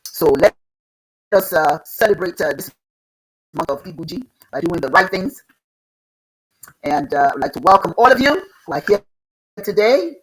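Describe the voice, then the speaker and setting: A woman's voice: lowish voice, expressive, normal speed, long pauses, husky, low-quality recording. A woman hosting a live online show, giving earnest, loose spiritual advice over a video call. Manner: earnest, advising, loose and conversational. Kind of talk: casual spiritual advice talk.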